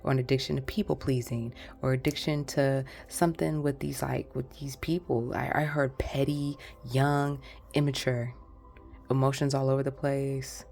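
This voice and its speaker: Gravelly low-voiced woman reading tarot. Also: little pitch movement, moderate pace, a little mellow, faint music behind. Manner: chatty, exclamatory, talks straight to viewers. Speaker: tarot reader. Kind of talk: casual pick-a-card tarot reading.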